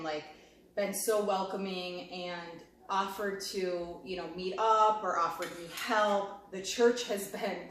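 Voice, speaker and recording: A woman chatting casually to viewers while she cooks at home, tasting food and walking through a recipe. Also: medium pitch. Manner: talkative, talks while cooking and tasting food. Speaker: home cooking vlogger. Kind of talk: chatty cooking demo. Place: home kitchen. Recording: echoey kitchen, mic a bit far off, clear background noise.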